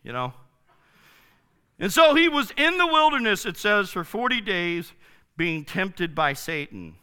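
Lively, animated male pastor. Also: sits high, unhurried, smooth. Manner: enthusiastic, informal, slangy, dramatic swings in loudness. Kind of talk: casual sermon.

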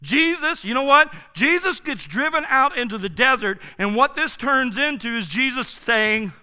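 A male pastor delivers a relaxed, slangy sermon and swings from big excited bursts to hushed asides. His voice sits high, bright and ringing clear. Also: normal speed. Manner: enthusiastic, informal, slangy, dramatic swings in loudness. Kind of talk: casual sermon.

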